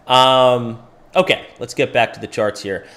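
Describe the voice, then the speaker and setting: A man's voice: mid-range voice, unhurried. A middle-aged man from Pennsylvania hosting a crypto livestream, walking through price charts and answering viewers in chat by name. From Pennsylvania, USA. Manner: animated, talks to viewers by name. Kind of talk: live chart analysis with chat questions.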